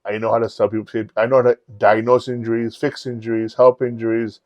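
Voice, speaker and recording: A man's voice: mid-range voice, fairly quick, no room sound. Guy on a podcast spinning wild stories, acts out the dialogue, kinda dull dry audio. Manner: animated, profane anecdote-telling with acted-out dialogue. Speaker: podcast host. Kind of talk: casual storytelling chat.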